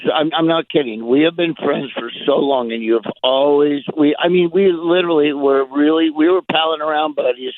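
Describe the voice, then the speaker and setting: A man's voice: fairly high pitch, fairly quick, hardly any pauses, no echo. Middle-aged comedian guest, rambling storyteller who acts out his quotes; slightly raised voice, dry and muffled line. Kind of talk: casual phone interview.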